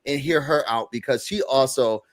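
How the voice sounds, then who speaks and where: A man hosting a live recap panel, retelling a reality show episode in casual, animated chat and acting out quotes from the cast. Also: mid-range voice, moderate pace, low-quality recording. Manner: animated, quotes cast members in put-on voices.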